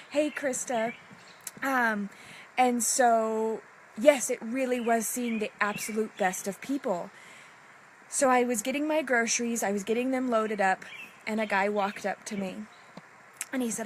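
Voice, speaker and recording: A woman's voice: a little high, fairly even intonation, a little hiss or hum. Emotional woman on a live stream. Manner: emotional, halting, repeats herself. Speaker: women's group leader. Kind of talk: live-streamed motivational talk.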